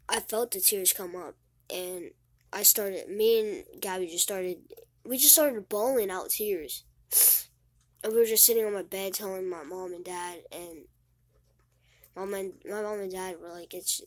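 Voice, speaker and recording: A teenage girl talking casually and sadly to the camera, close to tears, halting and repeating her words as she rambles. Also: fairly low pitch, dry recording. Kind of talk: casual vlog monologue.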